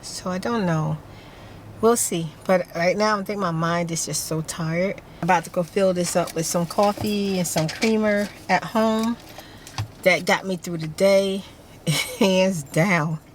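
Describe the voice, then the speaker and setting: A woman vlogger chatting casually to her viewers in a relaxed, rambling way. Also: lowish voice, measured pace, slight background noise. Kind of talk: casual vlog chat.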